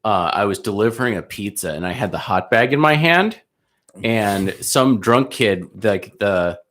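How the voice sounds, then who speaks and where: A young man co-hosting a casual podcast chat, telling lively stories with acted-out quotes and frequent laughs. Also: lowish voice, unhurried. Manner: animated, acts out quotes, laughs often. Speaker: podcast co-host.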